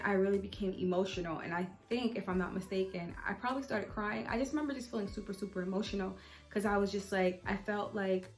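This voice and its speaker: A young woman talks straight to her channel audience in a relaxed, confiding way. Her delivery is loose and chatty, full of "like" and "you know," at an ordinary middle pitch. Soft music sits quietly behind her voice. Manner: candid, chatty, with many fillers. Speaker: channel host. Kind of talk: casual faith-based vlog talk.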